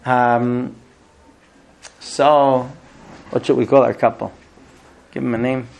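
A man teaching a class in a conversational way, telling an illustrative story with frequent hesitant pauses. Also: mid-range voice, level tone, vocal fry, a little mellow. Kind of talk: storytelling lecture.

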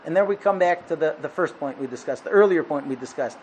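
A man teaching a Torah lesson, explaining with a parable and acting out its dialogue with animated delivery. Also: a little high, fast talker, slight background noise, poor audio. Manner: animated, acts out dialogue in the story. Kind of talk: lecture with parable storytelling.

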